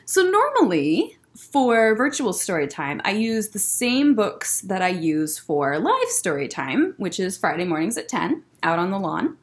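Speaking at a measured pace in a mid-range voice, this young woman is a children's librarian leading story time in a public library. She chats with the young children and reads a picture book aloud, all with an animated, bouncy energy.

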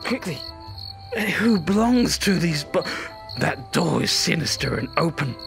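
A man's voice: on the high side, very animated, unhurried, gravelly, fairly bright tone, soft background music. A man giving theatrical, rambling commentary on a VR game while hamming up a drunk character. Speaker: VR gameplay streamer. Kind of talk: comedic VR gameplay commentary.

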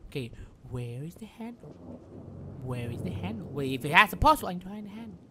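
A woman's voice: lowish voice, very animated, brisk, background noise. A woman streaming a video game live, repeating phrases over and over and chatting to her viewers. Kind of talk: live gameplay commentary.

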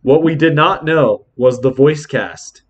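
A young man hosting a casual podcast chat. He talks in an excited, rambling way with lots of fillers. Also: a little high, a little slow, dull audio. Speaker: podcast host.

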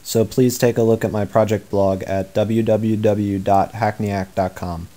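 Monotone teenage boy, low and dark. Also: rough recording. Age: teens. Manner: monotone, flat delivery; measured, explanatory. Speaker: high school student presenting a project. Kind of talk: scripted project narration.

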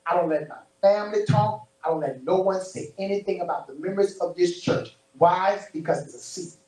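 A male preacher giving an animated sermon, full of storytelling and repeated phrases. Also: sits high, fairly quick. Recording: roomy distant church recording.

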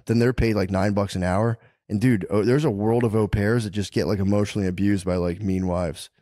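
Profane, lively storytelling man. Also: fairly low pitch, fairly quick, no echo, clean studio sound. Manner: profane storytelling with quoted impressions. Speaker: podcast co-host. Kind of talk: casual chat.

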